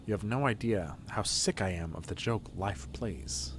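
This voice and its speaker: A man's voice: on the low side, normal speed, pitched below the performer's own voice, close to an everyday voice. A worn-out security guard from a video game, sardonic and full of self-pity as he muses on his lot, as a man reads him aloud. His voice has a faint hiss under it. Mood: weary. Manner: sardonic, musing, self-pitying. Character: weary, wry locked-up male security guard. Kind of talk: reading game dialogue aloud.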